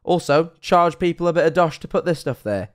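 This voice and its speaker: A man's voice: on the high side, lively intonation, a little fast. A young man chatting casually on a live stream as he reacts to a video, talking over it and swearing freely.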